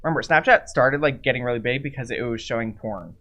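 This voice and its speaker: A woman's voice: very deep voice, fast talker, a bit bright. A young woman guest who works with youth, talking in a frank, casual way with many "like"s. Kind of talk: casual chat.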